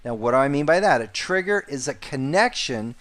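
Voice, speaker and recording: A man's voice: mid-range voice, animated, fairly quick, fairly bright tone. A man teaching a sales course, repeating key points and stressing important words. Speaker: sales trainer. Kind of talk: instructional course narration.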